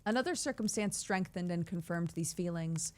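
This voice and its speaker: A woman streamer reading a classic novel aloud on a livestream, measured in the reading and giggly in her asides. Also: on the low side.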